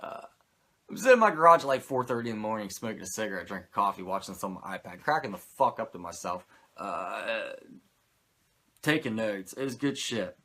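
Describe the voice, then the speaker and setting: Animated, profane man recapping wrestling. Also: fairly low pitch, fairly quick. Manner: profane and rambling, with many fillers. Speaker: podcast host.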